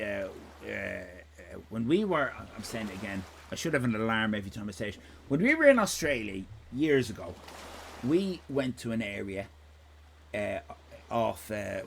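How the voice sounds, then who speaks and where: Irish male streamer, digressive and swearing, with a bouncy, expressive voice and a faint hiss of room ambience. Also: lowish voice. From Ireland. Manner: rambling, digressive, sweary, jokey. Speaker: live streamer host. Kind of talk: casual live-stream chat.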